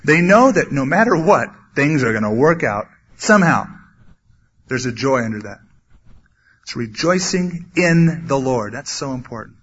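A man preaching a sermon, earnestly teaching from the Bible and acting out quotes with sudden loud bursts. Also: mid-range voice, very animated, normal speed, breathy edge. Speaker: pastor. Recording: dull lo-fi sermon recording.

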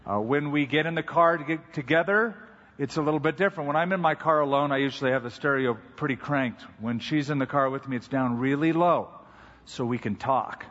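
A man's voice: fairly high pitch, fairly bright tone. Man preaching in an echoing hall. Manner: conversational storytelling, unhurried. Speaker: pastor. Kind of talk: sermon. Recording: dull recording with long hall reverb.

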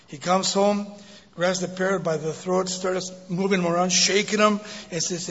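A man in his sixties preaching as a guest speaker, telling a joke and then his life story, animated and laughing often. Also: high-pitched, moderate pace, breathy edge. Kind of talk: sermon with jokes and testimony. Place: church sanctuary. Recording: dull recording in a big reverberant hall.

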